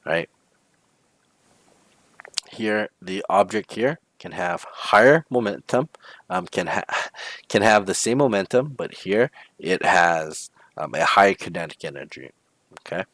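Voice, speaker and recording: A man's voice: low-pitched, animated, unhurried, pauses often, fairly bright tone, no echo. A male physics teacher talking through homework problems step by step, often checking in with "okay?" and "right?". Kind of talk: homework walkthrough lesson.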